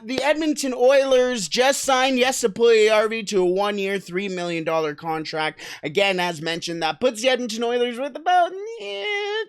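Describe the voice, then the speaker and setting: A chatty man hosts a solo sports podcast in a relaxed, conversational way. He keeps putting questions to his listeners and moves around in his seat while he talks. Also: high-pitched, clean tone. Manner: shifts about in his seat while talking. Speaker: hockey podcast host. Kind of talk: casual solo podcast commentary.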